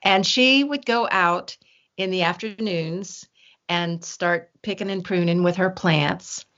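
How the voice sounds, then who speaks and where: A woman's voice: fairly low pitch, slow pace, a bit bright. Chatty older woman with restarts, muffled sound. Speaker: guest herbalist. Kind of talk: casual interview chat. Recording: dull lo-fi sound.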